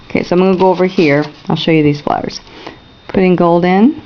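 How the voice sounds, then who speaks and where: A woman's voice: on the low side, steady tone, brisk, lo-fi sound, slight background noise. A woman teaching a painting class, talking viewers through each brush stroke and checking in with them. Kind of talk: step-by-step painting demonstration.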